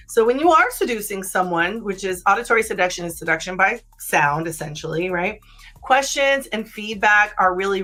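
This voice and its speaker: A woman hosting a casual live-stream of sex advice, chatty, with many fillers and "right?" tags, sometimes dropping into a low, slow voice to make a point. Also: sharp tone. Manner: drops into a low slow voice to demonstrate. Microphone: streaming setup.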